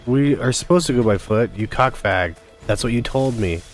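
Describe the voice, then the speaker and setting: A man's voice: medium pitch, animated, moderate pace, faint music behind. A man doing let's play commentary on a video game, frustrated and angry, swearing constantly. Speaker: gamer playing a video game.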